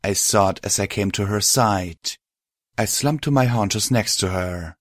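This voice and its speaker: A man reading a first-person story aloud in a steady, measured way. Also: lowish voice, no echo, clean studio sound. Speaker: reader. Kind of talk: first-person fan fiction audiobook narration.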